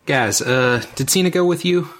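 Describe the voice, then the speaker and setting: A man's voice: on the high side, moderate pace, fairly bright tone. A man playing a tabletop game, talking eagerly. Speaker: player. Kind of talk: casual tabletop game chat.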